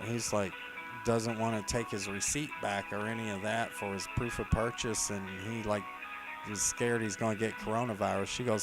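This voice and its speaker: A man's voice: lowish voice, moderate pace, music in the background, low-quality recording. A man live streaming, casually telling rambling anecdotes with many fillers. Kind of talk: casual storytelling.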